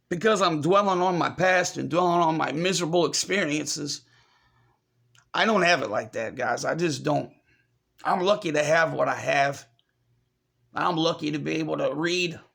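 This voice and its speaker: A man giving a confessional vlog update to his viewers, choked up and fighting back tears, halting and apologetic as he repeats himself. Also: on the high side, creaky, a bit bright. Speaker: vlogger.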